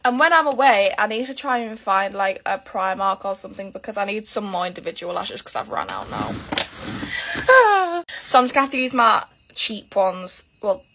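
Bright-voiced young British woman vlogging. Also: medium pitch, sing-song, moderate pace. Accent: British English.

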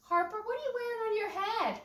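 A woman's voice: very high-pitched, expressive, a little fast, fairly bright tone. An older woman leading small children through a farm-animal sing-along, asking patient, coaxing questions. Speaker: guest reading to children. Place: library. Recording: echoey room, far from the mic.

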